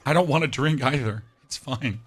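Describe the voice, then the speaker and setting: A male game streamer chatting casually with his live chat, his voice temporarily deeper and rougher than usual, bantering and reading messages aloud with sarcastic asides. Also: normal speed, a bit bright.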